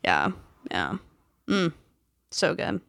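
A woman's voice: a bass voice, wildly swooping pitch, extremely slow, gravelly, a bit bright, dry recording. Woman cohost gushing about a show, playful, yeah yeah, dry close mic. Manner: enthusiastic, playful, lots of "yeah". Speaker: podcast co-host. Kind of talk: casual TV recap chat.

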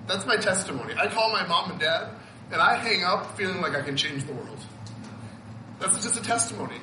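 A man's voice: sits high, animated, a little fast, bright, forceful tone, roomy sound, slight background noise, low-quality recording. A man in his fifties preaching a sermon, earnest and emotional, often laughing and repeating words as he speaks. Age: 50s. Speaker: pastor.

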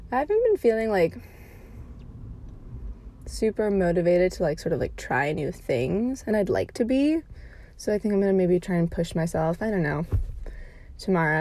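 A woman's voice: medium pitch, warm tone. A young woman recording a casual audio diary from her parked car, rambling and filling her talk with "like". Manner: rambling, heavy use of filler "like".

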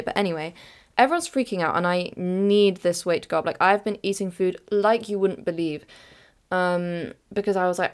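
A woman's voice: on the low side, normal speed, clean tone. A young woman in her late teens telling a chaotic, giggly story on her podcast. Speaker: podcast host.

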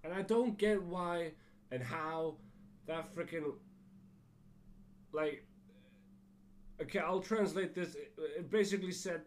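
A man's voice: fairly high pitch, slow, long pauses, slight background noise. A man with a cold telling a rambling story on his podcast, full of fillers, restarts and casual swearing. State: has a cold. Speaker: podcast host.

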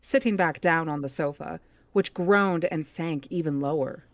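A woman's voice: sits low, measured pace, dry recording. A woman hosting a book club podcast, reading a novel aloud steadily and correcting her own slips. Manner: reads steadily, with slips she corrects herself.

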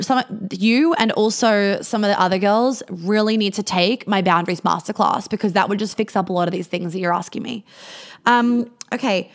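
A woman hosting a live question-and-answer stream, giving blunt, casual advice with plenty of swearing and fillers, acting out sample replies. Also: mid-range voice. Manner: acts out quoted replies in a lighter voice. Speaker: host answering viewer questions on a livestream.

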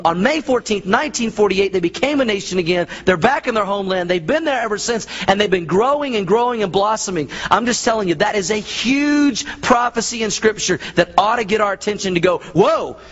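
A man's voice: sits high, fairly bright tone. A man preaching a sermon as pastor, telling folksy stories and acting out voices in his anecdotes. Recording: dull lo-fi sound.

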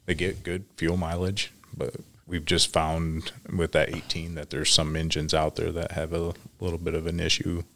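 A man's voice: extremely low pitch, flat delivery, moderate pace, vocal fry, few pauses, fairly bright tone. A man in a casual work chat, answering in a plain, matter-of-fact way.

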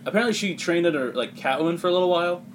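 A man with a somewhat high voice chatting casually as a podcast host. He rambles through a comic recap and leans on filler words. A faint hum of room ambience sits behind him. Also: very fast. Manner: rambling, heavy use of "like", laughs often. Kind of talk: casual chat.

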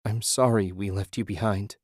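A man's voice: on the low side, steady tone, normal speed, darkish tone, no echo, studio quality, close to an everyday voice. A man voicing a desperate injured man who pleads and cries out in anguish. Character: injured desperate middle-aged man, panicked.

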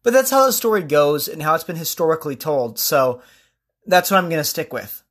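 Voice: mid-range voice, expressive, a little fast, fairly bright tone. Casual podcast storyteller with offhand asides. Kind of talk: storytelling narration.

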